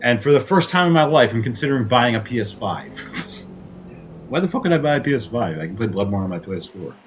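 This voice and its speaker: Man, gaming rant, heated and profane, medium pitch, faint background noise. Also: sing-song. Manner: heated, swearing, rapid rhetorical questions. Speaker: gaming commentator.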